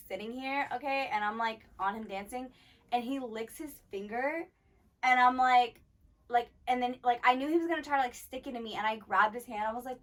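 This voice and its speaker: Profane storytelling woman, slightly high. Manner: blunt, profane storytelling, heavy filler "like". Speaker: podcast co-host. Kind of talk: casual chat.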